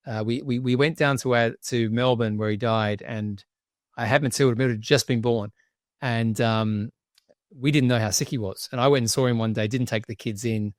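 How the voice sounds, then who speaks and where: A man's voice: mid-range voice, steady tone, normal speed, dry recording. Guy on a podcast telling his story, candid, trips over his words, dry sound. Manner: candid storytelling, frequent restarts. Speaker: podcast guest. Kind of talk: casual interview chat.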